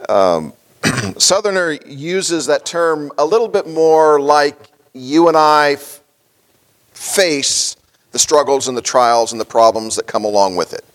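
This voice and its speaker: A middle-aged man, a pastor, preaching a sermon in a folksy storytelling way, with many fillers and small chuckles. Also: on the high side.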